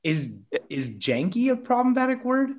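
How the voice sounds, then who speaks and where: A man's voice: very high-pitched, very animated, moderate pace, a little mellow. A man co-hosting a podcast in casual chat, teasing and often restarting his sentences. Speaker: podcast co-host.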